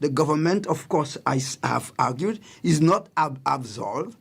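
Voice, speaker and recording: Husky, emphatic radio host man. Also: on the high side, lively intonation, a little slow. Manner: emphatic, repeats key points, asks listeners if they follow. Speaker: radio talk show host. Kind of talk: radio commentary on public affairs. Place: radio studio.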